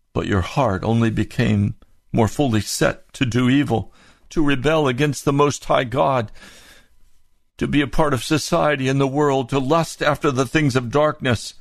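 A male preacher delivering an impassioned sermon full of rhetorical questions, climbing to high emphatic peaks. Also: steady tone, moderate pace, creaky, no room sound, clean studio sound.

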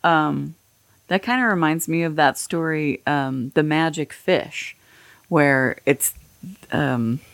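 A woman hosting a podcast who talks in a low, unhurried voice. She rambles candidly and swears freely. The sound is dry and close. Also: vocal fry, dry recording. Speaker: podcast host. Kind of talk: casual chat.

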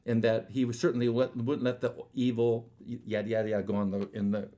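A man's voice: medium pitch, flat delivery, fairly quick, warm tone. A man telling a personal faith story casually, rambling with many restarts and acting out what people said. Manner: rambling, stumbling restarts, acts out quoted dialogue.

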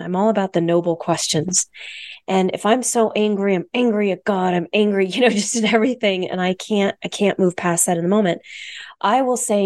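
A woman's voice: lowish voice, a little mellow, no echo. A woman co-hosting a health radio show, talking frankly and emphatically and repeating phrases for stress. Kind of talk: candid health talk.

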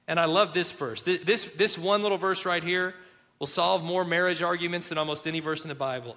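A man's voice: fairly high pitch, fairly quick, bright, forceful tone. A man co-hosting a faith-based marriage talk, speaking earnestly and telling stories with acted-out quotes. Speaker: co-host of a marriage show.

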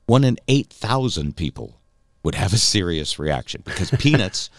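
A man hosting a podcast in casual chat, telling stories in an animated way and slipping into mock voices. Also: sits low, normal speed, dry recording, studio quality. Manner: chatty, animated storytelling, slips into mock voices. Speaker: podcast host.

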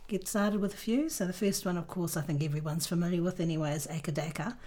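Low mellow Australian woman. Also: fast. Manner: reads out slang terms and definitions, laughs along. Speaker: podcast co-host. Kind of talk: casual chat.

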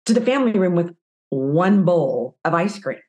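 Low-voiced woman telling a lively story. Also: normal speed, dull audio. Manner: animated storyteller, acts out quoted voices. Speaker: guest. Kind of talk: conversational storytelling interview.

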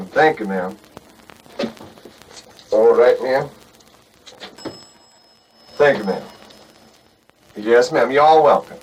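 A man's voice: medium pitch, breathy edge. An actor playing a young northern man who fakes a Southern accent on a phone call, stammering and polite, in a 1960s film. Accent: put-on American Southern. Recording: distant 1960s film soundtrack, faint hiss.

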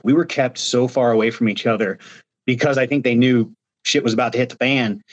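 A man's voice: mid-range voice, steady tone, fairly quick, dull audio. A man from Ohio, a reality show contestant, telling stories in a casual interview over a video call while gesturing with his hands. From Ohio, United States.

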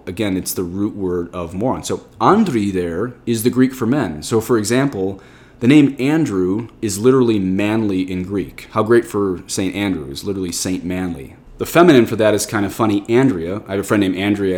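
A man reading the gospel and explaining Greek and Latin words, as a priest in a slow, deliberate teaching manner. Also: lowish voice, a little mellow. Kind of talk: gospel reading and scripture commentary.

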